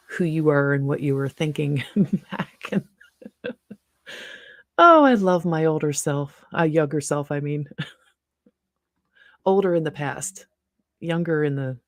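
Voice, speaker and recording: A woman's voice: deep voice, creaky, no room sound, studio quality. A middle-aged woman hosting a casual livestream, chatty and rambling, laughing often between asides. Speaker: livestream host.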